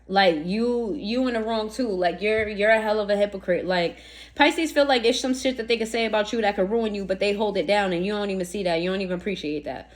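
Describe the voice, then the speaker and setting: A woman's voice: mid-range voice, fairly quick. A woman giving a casual tarot reading, blunt and profane, full of slang and rhetorical questions aimed straight at the listener. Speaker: tarot reader.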